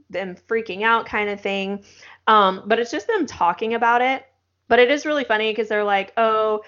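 A woman's voice: medium pitch, fairly bright tone, highs cut off. A woman co-hosting a podcast in a casual, chatty way, with many fillers. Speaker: podcast co-host. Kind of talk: casual chat.

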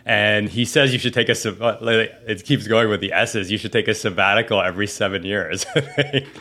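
Brief: male podcast host, thirties, lower register, animated storyteller who restarts his sentences. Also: brisk. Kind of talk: casual podcast conversation.

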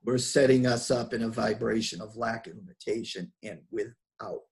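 Boston man as a relaxed podcast guest. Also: lowish voice, normal speed, vocal fry. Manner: relaxed, reflective, many fillers and restarts. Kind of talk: casual interview chat.

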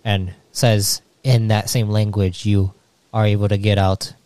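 A man narrating a tabletop game as game master, halting with fillers. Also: lowish voice, flat delivery, a little mellow, clean tone, no echo.

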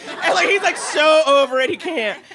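A woman with a high, bright voice tells a comic story on a podcast. She is animated and swears freely. Her talk is quick to jump into other people's voices. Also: a faint crowd. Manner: profane, lively, slips into voices for the people in her stories. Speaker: podcast co-host.

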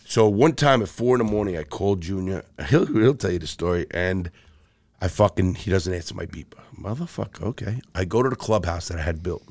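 A man's voice: sits low, a little fast, no room sound. A middle-aged man with a Brooklyn accent, a podcast guest telling stories full of swearing and acted-out dialogue. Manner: swears constantly, animated storyteller acting out dialogue. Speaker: podcast guest, former jewel thief. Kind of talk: profane storytelling.

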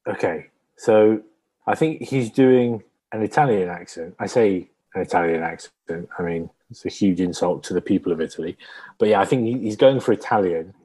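A man's voice: low-pitched, normal speed, warm tone, breathy edge, poor audio. A man co-hosting a podcast in jokey, self-deprecating casual chat. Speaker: podcast co-host.

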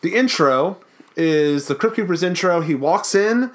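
A man from the Baltimore area co-hosting a podcast in casual, jokey, excitable chat. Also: high-pitched, unhurried. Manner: jokey, excitable, self-mocking. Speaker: podcast co-host.

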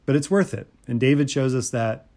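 A man's voice: medium pitch, a little fast, darkish tone. A male pastor giving a sermon in a casual, conversational way, with fillers and repeated phrases. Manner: conversational preaching with fillers and repetition.

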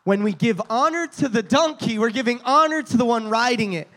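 A man's voice: extremely high pitch, expressive, fairly quick, fairly bright tone. A man preaching a sermon, telling stories with frequent restarts and repeated words.

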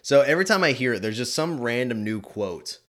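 A man's voice: medium pitch, a little fast. A man hosting a casual podcast, rambling and correcting himself as he talks. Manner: animated, rambling, self-correcting. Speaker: podcast host. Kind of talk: casual chat.

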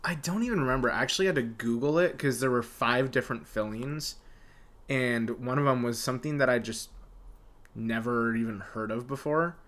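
A man co-hosting a casual podcast, chatty and animated, laughing often as he tells stories. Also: medium pitch, a little fast. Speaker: podcast co-host. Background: dog whining.

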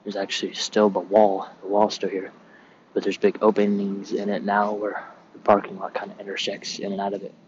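Low-voiced young man rambling outdoors. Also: completely flat delivery, a little fast, lo-fi sound, a little hiss or hum. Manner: rambling, loose and profane. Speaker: sailor recording a podcast. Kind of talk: casual rambling monologue while walking. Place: outdoors on a military base, cold.

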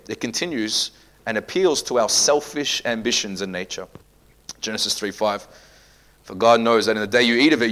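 Male pastor, sermon delivery, rhetorical questioning, wide swings between quiet and loud. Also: mid-range voice.

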